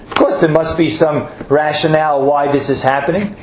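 A man's voice: on the high side, steady tone, a little hiss or hum. Man preaching in an echoey room. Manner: earnest, drawn-out emphasis with Hebrew terms. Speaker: rabbi. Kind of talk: sermon. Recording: echoey room with faint ambience.

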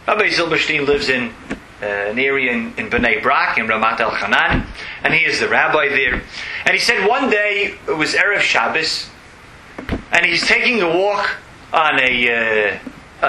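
A man's voice: a little high, bright, forceful tone, roomy sound, slight background noise, low-quality recording. A man giving an earnest religious lesson, telling a story and explaining it, often repeating key phrases for emphasis. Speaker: religious teacher.

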